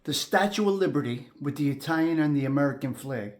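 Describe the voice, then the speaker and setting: Guy w a slightly high voice walking thru an old house, keeps saying how amazing it is. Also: animated, fast. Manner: admiring, repeats words, talks to viewers. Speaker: host giving a house tour. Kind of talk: walking house tour, casual chat. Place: inside an old house, walking between rooms.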